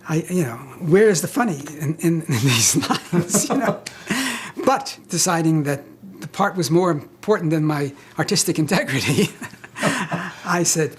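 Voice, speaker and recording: An older male actor recalling stories in an interview, chatty and halting with fillers and chuckles. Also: on the high side, animated, a little hiss or hum. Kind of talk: anecdotal interview.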